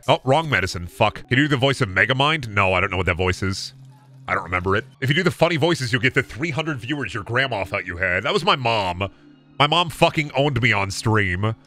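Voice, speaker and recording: A man's voice: medium pitch, animated, fairly quick, sharp tone, soft background music. A young man streaming a game, chatting casually in a joking, profane, self-mocking way. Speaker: gaming streamer. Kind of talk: casual live-stream chat.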